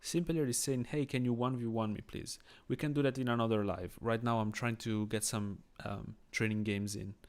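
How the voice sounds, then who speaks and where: This man from Switzerland has a mid-range, slightly mellow voice with fairly even intonation, speaking at normal speed with hardly any pauses. Not a native English speaker and carrying a Swiss accent, he chats with viewers and reasons through a chess game on a live stream.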